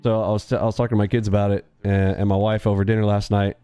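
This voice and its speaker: A man's voice: lowish voice, level tone, rapid-fire, mellow, clear, resonant tone, soft background music. A man hosting a live trading stream in casual chat, joking and rambling with playful sound effects.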